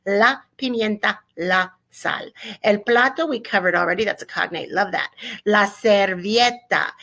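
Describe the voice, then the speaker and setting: A woman teacher recording a vocabulary lesson for her students, lively and coaxing, repeating each word as a drill. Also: medium pitch, moderate pace. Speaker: Spanish teacher.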